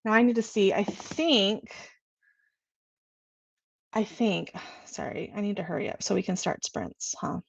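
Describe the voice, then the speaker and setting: A woman's voice: mid-range voice, unhurried, gravelly, pauses often, husky, no echo, muffled recording. Bubbly, gushing young woman streamer. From California. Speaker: livestream host. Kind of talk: casual livestream chat.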